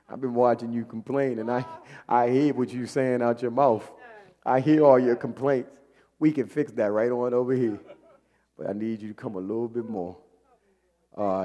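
A man preaching a lively, colloquial sermon in church, acting out scenes and sometimes yelling in character. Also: mid-range voice, long reverb tail.

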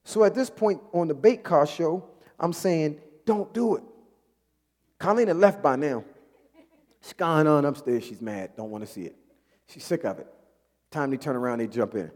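A man preaching a lively, colloquial sermon in church, acting out scenes and sometimes yelling in character. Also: on the high side, moderate pace, long pauses, in a large hall.

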